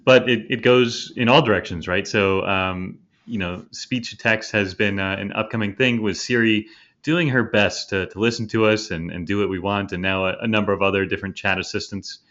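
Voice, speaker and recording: Male podcast host, bright tense voice, hesitant casual delivery, dull lo-fi audio. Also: fairly low pitch, steady tone, brisk. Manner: hesitant, many fillers and restarts. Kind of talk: casual interview chat.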